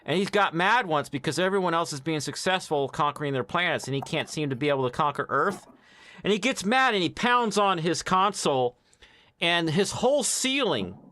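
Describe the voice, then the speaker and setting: A man hosts a livestream, chatting casually while gaming and telling stories as an animated storyteller who laughs often. His voice is on the high side at a moderate pace, with no room sound.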